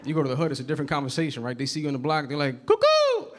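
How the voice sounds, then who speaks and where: A Bronx, New York comic does a conversational stand-up set in a comedy club, racing along in a steady, medium-pitched voice and repeatedly asking "you know what I mean." The club is noisy with crowd sounds and audience laughter.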